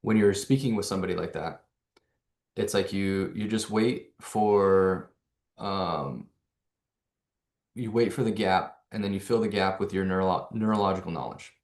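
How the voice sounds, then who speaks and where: A man's voice: sits low, moderate pace, a little mellow, roomy sound. A man coaching on neurology, explaining with rhetorical questions and growing energy. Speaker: neuro coach presenting to hosts. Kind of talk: animated explanatory talk.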